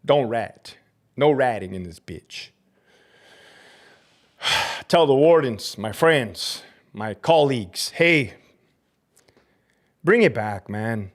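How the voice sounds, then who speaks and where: A man ranting on his live stream, cursing hard and swinging between loud outbursts and low muttering. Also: expressive, slow pace, long pauses. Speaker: livestreamer and prison officer. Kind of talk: profane live-stream rant.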